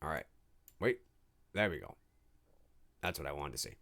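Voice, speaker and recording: A man's voice: a bass voice, sing-song, normal speed, creaky, fairly bright tone. A man hosting a live movie commentary stream, chatting casually and reading viewer comments aloud. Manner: casual, chatty, restarts and fillers, reads chat aloud.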